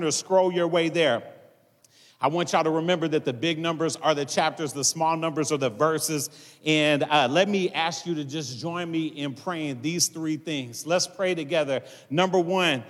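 A man's voice: on the high side, unhurried. A man, a pastor preaching a casual sermon to his congregation and filling it with "man" and "all right". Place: large church hall. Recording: long hall reverb.

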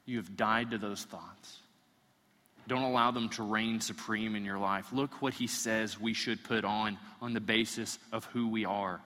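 A man's voice: fairly low pitch, steady tone, measured pace, bright, forceful tone. A man preaching a sermon as pastor, building in intensity with repeated phrases and acted-out quotes. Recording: long reverb from a large hall.

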